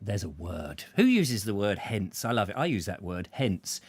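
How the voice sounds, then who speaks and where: A man's voice: fairly low pitch, big pitch swings, moderate pace, breathy edge. A man hosting a casual chat show, joking and rambling through anecdotes. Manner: chatty, jokey, rambling anecdotes with put-on voices. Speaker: host.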